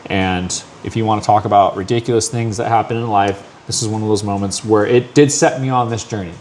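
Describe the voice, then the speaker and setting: A podcast host tells a long story in casual chat, his fairly low voice brisk against a little hiss or hum. He swears often and acts out the people in it, quoting them in animated, profane fashion.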